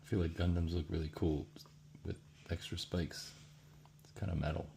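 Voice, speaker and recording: A man's voice: low voice, little pitch movement, moderate pace, vocal fry, mellow, slight background noise. A man painting and chatting casually to himself, laid-back and rambling as he thinks aloud. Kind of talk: casual commentary while painting.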